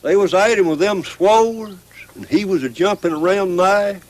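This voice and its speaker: A man's voice: high voice, normal speed. A man with an Appalachian accent telling an old folk tale in a drawling dialect, acting out the lines of its characters. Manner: drawling dialect, lively voicing of the quoted lines. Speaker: folk storyteller.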